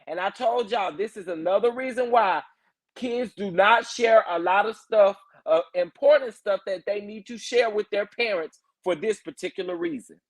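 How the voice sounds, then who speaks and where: A man hosting a casual morning chat, reacting to viewer comments and getting emphatic and loud when worked up. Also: high-pitched, normal speed. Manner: animated, emphatic, rising to loud protest when fired up. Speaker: reality TV commentary host.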